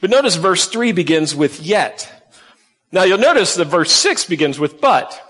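A man's voice: high voice, very animated, normal speed, fairly bright tone, slightly rough. A man preaching a sermon to a congregation, teaching in an emphatic way and asking them rhetorical questions. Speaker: pastor. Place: church sanctuary. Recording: long hall reverb.

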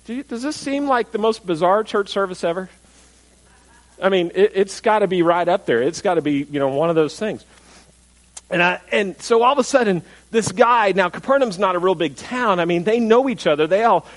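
A man's voice: high voice, low-quality recording. A man preaching a sermon, retelling a scripture story in a conversational way, asking his listeners questions and acting out what the crowd says. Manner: animated storytelling, acts out crowd voices; conversational, asks the audience questions. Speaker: pastor.

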